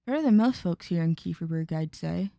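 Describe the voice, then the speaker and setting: A plain-spoken older village woman from a story game, read out by a woman streamer. She sounds low and mellow, folksy and unbothered, close and dry. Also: expressive, fairly quick, vocal fry, no room sound.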